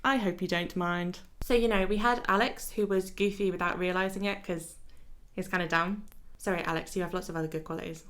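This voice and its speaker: A woman's voice: lowish voice, fairly even intonation, fast, a bit bright. A woman giving casual video-essay commentary in a playful, wry way, laughing between jokes. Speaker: YouTuber.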